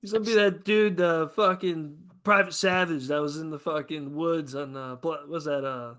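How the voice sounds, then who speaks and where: A man's voice: on the high side, steady tone, normal speed, fairly bright tone. A man hosting a podcast, joking around in loose, profane banter and laughing often. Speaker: host.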